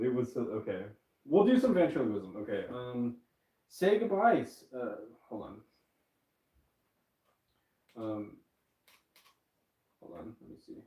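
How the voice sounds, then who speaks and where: A man's voice: lowish voice, warm tone. A man chatting casually to his stream viewers, rambling with many fillers and laughing at himself. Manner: rambling, frequent fillers, self-mocking laughs. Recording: roomy echo, distant from mic.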